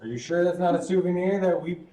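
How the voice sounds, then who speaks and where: A man playing a tabletop game, joking and trailing off into a low mumble. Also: quick pace, a crowd in the background. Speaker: player. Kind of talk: casual tabletop game chat. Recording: echoey room, faint hum.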